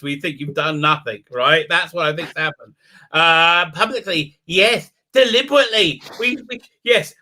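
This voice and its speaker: A man with a high, very bright and piercing voice hosts a live talk stream. He mocks what he reads in a sarcastic, crude way, swearing freely and often shouting. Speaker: show host. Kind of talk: mocking live stream commentary.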